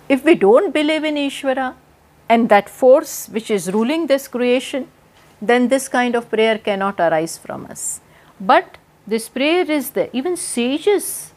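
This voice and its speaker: An Indian woman teaching scripture, speaking slowly and deliberately and answering her own questions as she explains. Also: on the high side, darkish tone. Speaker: spiritual teacher. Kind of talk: scripture lecture with chanting. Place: home in Massachusetts.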